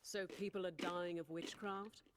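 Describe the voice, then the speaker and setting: An actor voicing a young aristocratic boy in an anime, who speaks in a crisp, clipped, imperious way. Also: mid-range voice, steady tone, a little slow, background noise, natural voice. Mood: dry. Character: young aristocratic boy, cold, commanding and curt. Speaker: anime character. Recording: anime clip with music underneath. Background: background music.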